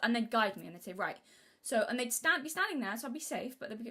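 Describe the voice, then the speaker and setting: A young woman from Britain talking casually on a live stream, rambling and restarting her sentences, sometimes acting out what she said as a child in a high voice. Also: animated, quick pace, bright, forceful tone, husky. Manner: rambling, self-interrupting, acts out childhood quotes in a high voice.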